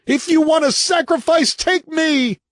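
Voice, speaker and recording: A man voicing a desperate young husband who shouts in terror, ragged and high. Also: lively intonation, slow, no echo, clean studio sound, exaggerated voice. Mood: frantic shouting. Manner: ragged shrieking, pitched high.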